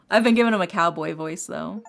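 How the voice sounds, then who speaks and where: A woman chats casually while playing through a game, in a relaxed let's-play style. Her voice has a gravelly texture, and soft game music runs behind her. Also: medium pitch. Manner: casual, chatty. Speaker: streamer.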